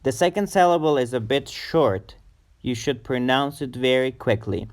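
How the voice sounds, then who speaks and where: A man teaching English pronunciation, saying each word slowly and repeating it for learners. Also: medium pitch. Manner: slow, deliberate, repeats words for learners. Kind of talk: pronunciation lesson.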